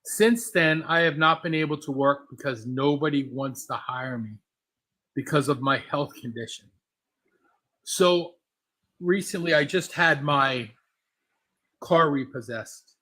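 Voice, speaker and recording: A man speaking as a guest on a live stream, telling a personal story in an earnest, halting, emotional way. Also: a little high, bright, forceful tone.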